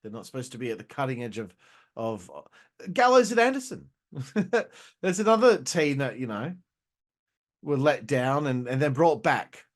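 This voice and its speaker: A man's voice: mid-range voice, very animated, moderate pace, long pauses. A man hosting a casual wrestling review who rambles, swears a lot and laughs at his own jokes. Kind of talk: casual profane video review.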